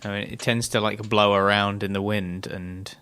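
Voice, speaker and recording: Chatting casually and analytically about a TV episode, this podcast co-host also reads plot summaries aloud. He speaks at normal speed with fairly even intonation, in a low-leaning voice that is pushed, bright, clear and resonant.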